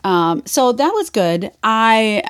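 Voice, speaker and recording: A woman's voice: fairly high pitch, sing-song, slow pace, clean tone. A woman co-hosting a podcast, chatting candidly about romance novels, laughing often and using plenty of fillers. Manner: giggly, candid, lots of fillers. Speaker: podcast co-host. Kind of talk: casual chat about romance books.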